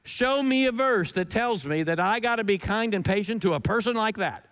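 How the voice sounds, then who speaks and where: A man's voice: sits high, expressive, normal speed, fairly bright tone, clear, resonant tone, long reverb tail. A pastor preaching a sermon in an emphatic style, repeating his key lines and posing rhetorical questions.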